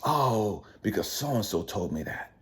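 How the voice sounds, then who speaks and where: A man's voice: lowish voice, big pitch swings, a little slow, slightly rough. A middle-aged man hosting his channel, delivering a profane, preachy monologue with heavy emphasis. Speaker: channel host. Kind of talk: ranting monologue.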